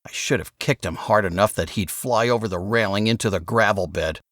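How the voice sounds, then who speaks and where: A man narrating an audiobook in the first person, with expressive storytelling. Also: on the low side, brisk, no echo, clean studio sound.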